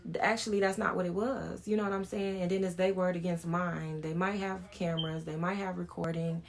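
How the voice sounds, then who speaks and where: Gravelly-voiced woman telling a personal story. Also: fairly low pitch, steady tone, fairly quick. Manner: frank and informal, talking things through. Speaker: vlogger.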